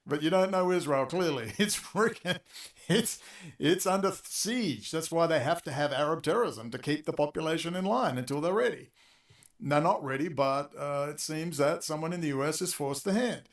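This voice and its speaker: A man ranting angrily on a talk show, profane and exasperated, talking in rapid bursts. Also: a little high, animated. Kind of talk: angry political rant.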